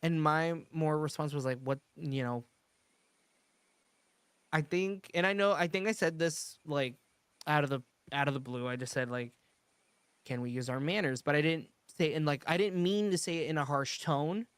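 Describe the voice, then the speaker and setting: A man's voice: fairly high pitch, moderate pace, fairly bright tone, clear, resonant tone, no echo. A man chatting casually on a podcast, rambling through a work story with many restarts. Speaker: podcast host. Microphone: streaming studio mic.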